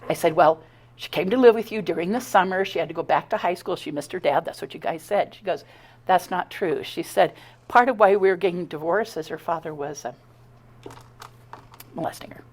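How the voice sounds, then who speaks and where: A middle-aged woman giving a talk, telling her own story in an animated, conversational way, acting out the dialogue and often stumbling and restarting. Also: lowish voice, a little fast. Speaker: speaker giving a talk on her abduction experiences. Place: talk at a spiritual center.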